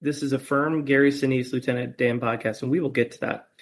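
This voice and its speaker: A man's voice: mid-range voice, fairly even intonation, a little fast, slight background noise. A man hosting a movie podcast, presenting topics in an upbeat, joking way. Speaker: podcast host. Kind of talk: casual movie podcast chat.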